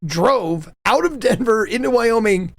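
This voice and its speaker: A young man hosting a chat with his mother, telling stories in a casual, animated way and laughing often. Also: high-pitched, unhurried, no room sound. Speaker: host interviewing his mother.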